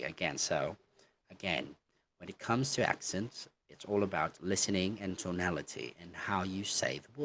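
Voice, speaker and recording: Slow, deep-voiced male English teacher. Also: a bit bright, a little hiss or hum. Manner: slow and deliberate, keeps checking with "okay?". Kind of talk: online English lesson.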